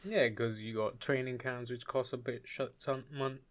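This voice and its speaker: Young British podcast co-host, crude swearing banter, middle pitch. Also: male voice, fairly even intonation, normal speed, no echo. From Britain. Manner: crude, joking, swears a lot.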